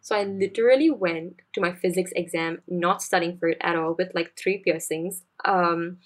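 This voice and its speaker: Singaporean girl in her 20s on her podcast, chatty and slangy, kinda low voice. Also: normal speed. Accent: Singaporean English. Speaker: podcast host. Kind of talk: casual storytelling podcast.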